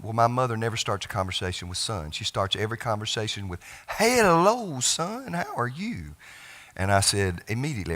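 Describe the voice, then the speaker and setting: A middle-aged man preaching from the pulpit of a church, telling a family story. His voice sits low in pitch but has a bright, forward edge. He often restarts his phrases and lets them fade to a hush. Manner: emotional storytelling, halting restarts, trailing off softly. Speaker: pastor. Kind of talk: sermon. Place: church sanctuary.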